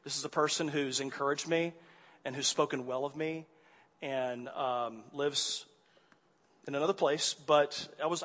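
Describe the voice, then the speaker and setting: A man preaching a sermon, telling a personal story with animated swings from quiet to loud exasperation. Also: fairly high pitch, a little slow. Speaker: pastor. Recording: hall reverb.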